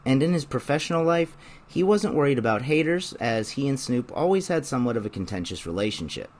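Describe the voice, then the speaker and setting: A young man narrating a scripted video essay in a measured, explanatory way. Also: mid-range voice, animated, a little mellow.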